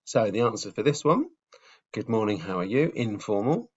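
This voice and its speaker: A man's voice: fairly low pitch, animated, normal speed, husky, highs cut off. A man teaching a beginners' language lesson in a patient, step-by-step way, with frequent ums. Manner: patient, explains step by step with fillers. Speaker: Spanish teacher. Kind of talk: casual video lesson.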